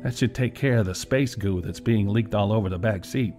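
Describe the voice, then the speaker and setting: A low-voiced man tells a first-person story with wry, deadpan delivery. Faint music plays under his reading. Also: fairly quick. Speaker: narrator. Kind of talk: scripted first-person narration.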